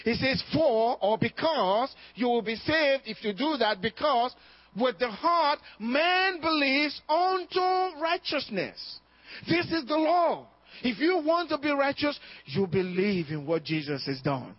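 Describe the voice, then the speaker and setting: A man's voice: extremely high pitch, big pitch swings, measured pace, no room sound. A man preaching a sermon as pastor at a church service. He stresses his points through repetition, rhetorical questions and a call of "amen?" to the congregation. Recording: dull, lo-fi dry recording.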